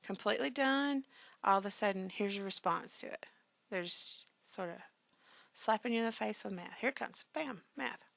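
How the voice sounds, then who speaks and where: A woman's voice: medium pitch, normal speed, vocal fry, fairly bright tone, dry recording. A woman teaching business communications in a recorded grammar lecture, talking conversationally with frequent fillers and punchy emphatic asides.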